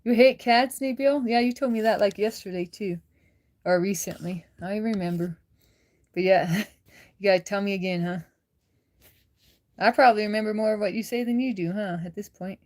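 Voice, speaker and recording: A woman hosting a casual livestream chats with viewers, laughs easily, and answers comments as they arrive, saying she is worn out. Her medium-pitched, slightly mellow voice moves at a normal pace with frequent pauses.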